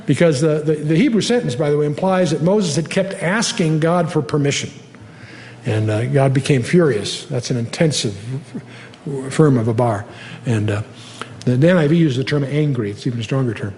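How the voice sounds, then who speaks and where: Older man, bible teacher, mellow voice, slightly high, casual asides, faint hiss behind. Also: normal speed. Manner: conversational, reads scripture aloud with rising emphasis, frequent fillers.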